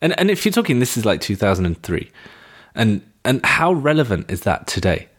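A man of Indian background co-hosting a podcast, talking thoughtfully and often pausing to find his words. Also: medium pitch, sing-song. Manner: thoughtful, searching for words, restarts. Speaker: podcast co-host. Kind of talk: casual music discussion.

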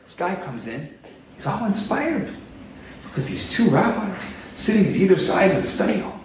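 A man preaching a sermon as a rabbi, animated and acting out quotes in different voices. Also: high voice, moderate pace, a little hiss or hum. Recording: echoey room, distant mic.

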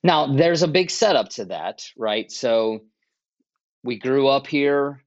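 A man's voice: medium pitch, lively intonation, slow, no echo. A man telling his story earnestly in a casual podcast interview, with plenty of restarts. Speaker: church planter guest. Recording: muffled, dry podcast audio.

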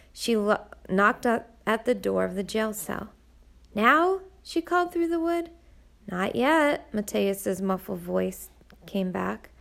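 A woman narrating an audiobook in a measured storytelling manner. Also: medium pitch, vocal fry.

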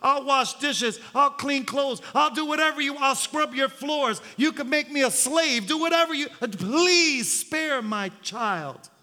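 A man's voice: very high-pitched, a little slow, hardly any pauses, bright, forceful tone, voice pushed up, exaggerated voice. A man voicing a desperate mother who begs and sobs for her child's life. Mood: begging. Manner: sobbing, frantic pleading. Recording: long hall reverb.

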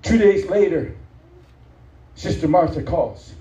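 A male preacher telling a story in a sermon, chatting along, acting out the quotes and building to shouted points. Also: medium pitch, normal speed. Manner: conversational, acts out quotes, builds to shouted emphasis. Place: church hall. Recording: echoey hall from far off, dull.

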